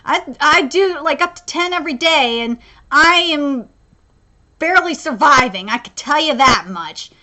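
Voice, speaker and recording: High bright-voiced woman, rambling. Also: lively intonation, normal speed. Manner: rambling, stammering, self-interrupting; emotional, swears freely. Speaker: manga reaction streamer. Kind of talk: casual live reaction.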